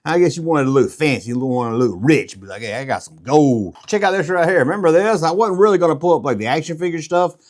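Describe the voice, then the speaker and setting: A man's voice: a little high, lively intonation, fast talker, few pauses. A middle-aged man hosting a casual show-and-tell vlog, rambling and joking as he goes. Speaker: YouTube collectibles host.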